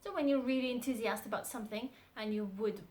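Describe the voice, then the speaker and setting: High-voiced woman teaching a language. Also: darkish tone. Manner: slow, repeated model phrases. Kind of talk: scripted language lesson.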